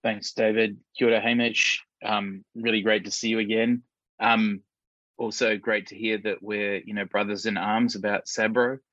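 A man from the audience asking a guest a question, polite and measured. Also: on the low side, level tone, fairly bright tone, no echo, highs cut off.

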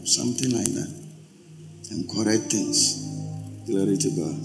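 A man's voice: lowish voice, slow, gravelly, long pauses, over loud music. A male pastor preaching a sermon, emphatic and repeating his exhortations.

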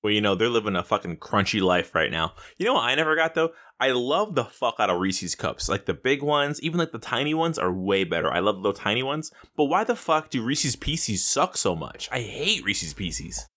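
A man co-hosting a gaming podcast in loose, profane chat, jumping up in pitch when excited. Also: brisk, hardly any pauses. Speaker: podcast co-host. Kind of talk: casual gaming podcast banter.

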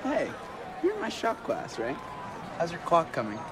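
A man's voice: on the high side, moderate pace. An actor playing a sarcastic, outgoing teenage boy chatting at a school game, heard in a film clip. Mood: friendly teasing. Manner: sarcastic, lively. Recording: film clip with crowd and noise. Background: crowd at an outdoor game.

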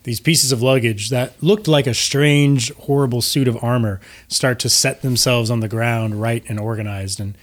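A man's voice: mid-range voice, steady tone, normal speed, few pauses. A man narrating scenes as game master of a tabletop game, describing the action with small restarts.

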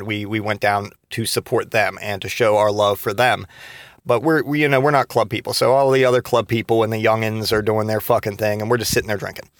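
A man's voice: on the low side, fairly bright tone, no room sound, clean studio sound. A man in his thirties telling rambling, profane stories from his past in a casual podcast monologue, full of restarts and fillers. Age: 30s. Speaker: podcast host.

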